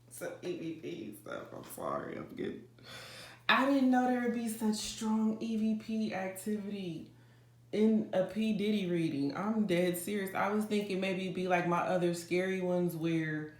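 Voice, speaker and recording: Brief: woman tarot reader, low voice, dramatic and chatty with viewers, roomy kitchen echo. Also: a little mellow. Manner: dramatic, talks straight to viewers with "y'all". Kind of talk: casual psychic reading to camera. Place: home kitchen.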